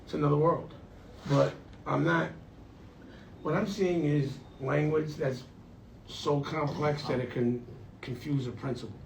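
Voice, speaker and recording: A man's voice: on the high side, measured pace, creaky, long pauses, distant mic. A man in a casual studio conversation, talking in a laid-back, slangy way that trails off and restarts. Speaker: studio owner talking business. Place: studio room. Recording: roomy sound from off-mic, faint noise.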